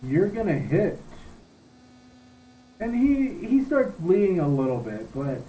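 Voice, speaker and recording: A man running a tabletop game as dungeon master, describing the scene in an unhurried, matter-of-fact way. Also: high-pitched, big pitch swings, warm tone, recorded from a distance, slight background noise, poor audio.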